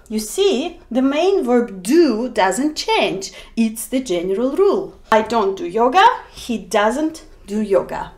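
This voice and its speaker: A woman's voice: on the high side, big pitch swings, takes it slowly. A woman English teacher explaining grammar in a video lesson, acting out example sentences with emphasis.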